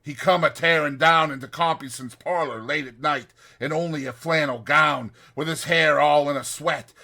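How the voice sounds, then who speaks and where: A man voicing a rough old male convict who tells his past in rough, ungrammatical old-fashioned speech, read as an audiobook. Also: on the high side, normal speed, sharp tone. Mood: grim. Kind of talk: audiobook reading.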